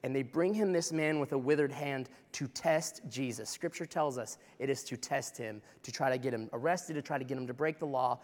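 A man's voice: mid-range voice, a little fast, hardly any pauses, darkish tone, long reverb tail. A male pastor preaching a sermon in a church in a conversational, impassioned way.

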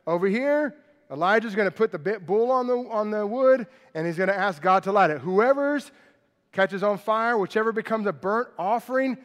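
A high-pitched man delivers a sermon in a large auditorium, and his voice rings with a long hall reverb. He tells the story with animated energy and jokey, sarcastic asides, then drops into a quieter, earnest tone. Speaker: pastor.

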